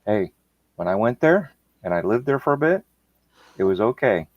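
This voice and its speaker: A man's voice: lowish voice, sing-song, moderate pace, dry recording, highs cut off. A man on a gaming show panel, dropping teasing, dry quips in casual chat.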